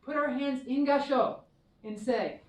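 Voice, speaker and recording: A woman minister giving a children's dharma talk, telling a story in a warm, expressive way. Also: high-pitched, measured pace. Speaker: temple minister. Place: temple hall. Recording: echoey hall, mic far off.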